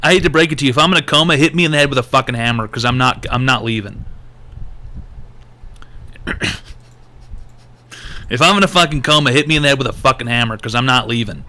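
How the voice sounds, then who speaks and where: Guy streamer ranting and swearing nonstop, sharp bright voice. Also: mid-range voice, fast talker, pauses often. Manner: profane, animated ranting. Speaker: streamer hosting an advice show. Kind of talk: live-stream call-in talk.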